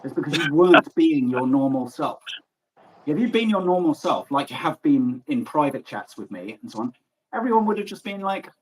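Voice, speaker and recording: A man from Germany hosting a casual livestream chat, animated and joking, who swears freely. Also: on the high side, normal speed, a little hiss or hum, poor audio. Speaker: livestream host.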